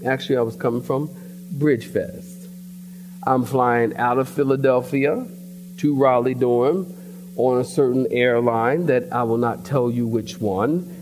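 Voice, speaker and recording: A man preaching a sermon as pastor in a church, telling stories in an animated way and sometimes shouting. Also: mid-range voice, a little slow, soft background music.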